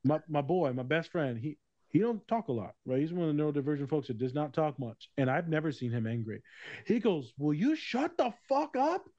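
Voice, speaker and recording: A man co-hosting a casual podcast, laughing often and cursing his way through stories. His voice sits at an ordinary pitch, close and dry on the mic, with a dull, muffled sound. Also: fairly quick, warm tone, dry recording. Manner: profane, laughing storyteller. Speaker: podcast host.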